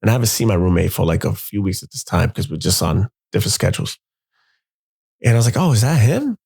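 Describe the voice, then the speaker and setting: Young man, casual storytelling, low gravelly voice, husky, animated. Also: quick pace. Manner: animated, acts out friends' voices in quotes. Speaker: podcast host telling a personal story.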